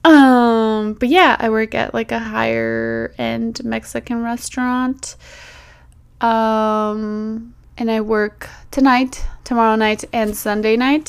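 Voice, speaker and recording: Young woman host, smooth higher voice, bestie-style casual chat on a phone memo. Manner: chatty, playful, addresses listeners as bestie. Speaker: podcast host.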